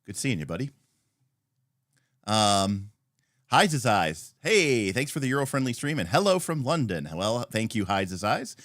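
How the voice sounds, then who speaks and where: A man's voice: on the low side, very animated, measured pace, a bit bright, no room sound, clean studio sound. A man hosting a casual livestream, chatty and rambling as he greets viewers by name. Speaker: livestream host.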